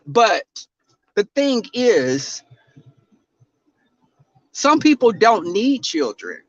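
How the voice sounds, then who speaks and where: A man's voice: high-pitched, very animated, extremely slow, no echo. A man with a Southern drawl ranting in a brash, profane, sassy livestream commentary. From Southern US, Texas. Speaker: livestream host. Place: outdoors in the cold. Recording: dull, dry sound.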